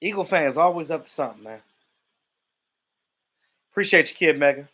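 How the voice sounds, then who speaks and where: A man hosting a casual livestream, greeting viewers by name and telling stories in an animated way. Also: fairly high pitch, moderate pace. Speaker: livestream host.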